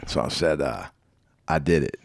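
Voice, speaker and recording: A man's voice: normal speed, creaky, no echo, clean studio sound. A man co-hosting a podcast, telling a story in a laid-back way with plenty of swearing. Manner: swearing, laid-back storyteller who drops his voice low. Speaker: podcast co-host. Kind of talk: casual storytelling chat.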